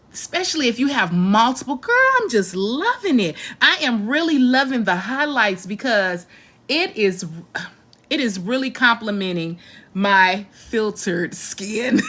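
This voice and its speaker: A woman hosting a casual live-stream hair tutorial, pitching a ponytail in a chatty, animated way and calling her viewers "girl" and "y'all.".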